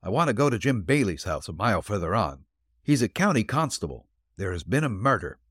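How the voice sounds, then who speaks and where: A man doing a gruff countryman. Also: on the low side, sing-song, fairly quick, fairly bright tone, dry recording, studio quality, full character voice. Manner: gruff, folksy. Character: gruff roughly clad middle-aged countryman.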